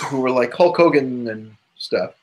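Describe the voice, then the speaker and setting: A man's voice: medium pitch, animated, takes it slowly. Rambling man co-hosting a podcast. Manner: rambling and loose, full of asides. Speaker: podcast co-host. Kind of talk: casual chat.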